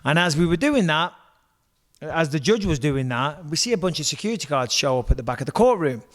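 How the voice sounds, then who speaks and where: A man's voice: on the high side, fairly quick. An English man in his forties, a retired fighter telling stories in a casual interview at a kitchen table, chatty and joking. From England. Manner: chatty, joking, animated storyteller.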